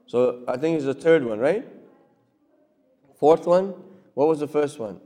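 A man's voice: a little high, lively intonation, a little slow, mellow. A man teaching a class, asking the listeners questions and acting out short examples. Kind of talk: classroom lecture. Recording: long hall reverb.

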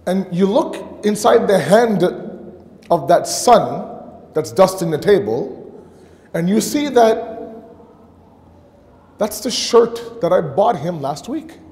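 A man delivers a sermon in an animated storytelling manner, acting out the conversations and throwing rhetorical questions at his listeners. His voice sits high for a man. The sound carries a long hall reverb, as in a mosque. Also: takes it slowly, pauses often. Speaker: preacher.

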